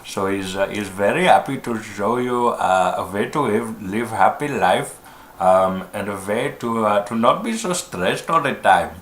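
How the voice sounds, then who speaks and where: A man's voice: lowish voice, expressive, unhurried, a bit bright. Man putting on a happy Indian guru, soothing, upbeat, echoey room. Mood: cheerful. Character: cheerful, serene Indian guru. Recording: echoey room, faint noise.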